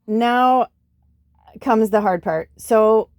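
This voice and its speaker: Chatty, swearing woman with a dark voice. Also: a little high, drawn-out words, dry recording, clean studio sound. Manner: chatty, swears often, acts out quotes. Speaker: podcast host. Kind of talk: casual chat.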